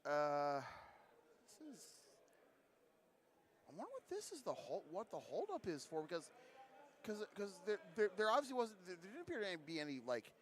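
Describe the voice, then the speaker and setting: A man giving live play-by-play commentary on a college basketball game, getting louder and more excited on big plays. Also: sits high, normal speed, pauses often.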